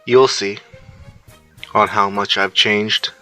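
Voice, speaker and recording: A man's voice: lowish voice, fairly even intonation, takes it slowly, sharp tone, soft background music. A man voicing a confident, defiant young male hero in a fan-made story.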